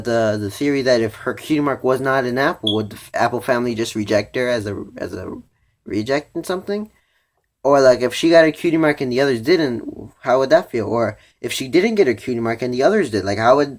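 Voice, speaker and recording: A teenage boy in a casual video review, rambling with many "you know"s and "like"s, restarting his sentences as he thinks aloud. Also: medium pitch. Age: teens. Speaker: vlogger reviewing a cartoon episode.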